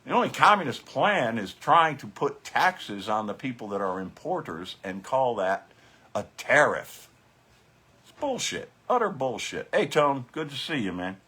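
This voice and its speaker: A man's voice: mid-range voice, big pitch swings, unhurried, sharp tone, husky. A man hosting a live commentary show, talking casually and sarcastically, with plenty of swearing. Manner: sarcastic, profane, scoffing.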